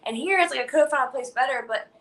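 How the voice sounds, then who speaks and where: A bubbly woman guest chats on a live stream. Her voice sits high and sounds bright and sharp. She rambles through stories full of fillers. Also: racing, rough recording. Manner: bubbly, filler-heavy storytelling. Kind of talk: casual livestream chat.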